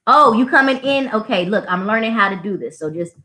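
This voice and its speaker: A woman who works as a school administrator, hosting a casual show and telling stories in a snarky, animated way. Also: mid-range voice, a little fast. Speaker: podcast host, school administrator. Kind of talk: casual storytelling. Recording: roomy echo.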